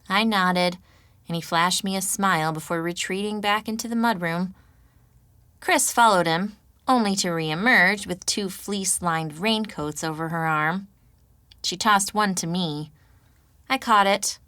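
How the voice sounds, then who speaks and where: In a dry recording, a woman with a lowish voice narrates an audiobook. Her storytelling stays steady and measured throughout.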